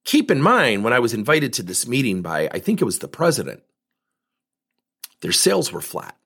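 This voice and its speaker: At medium pitch and a moderate pace, the man's voice is creaky with a breathy edge. He coaches on sales by telling lively stories, voicing both people in the conversations.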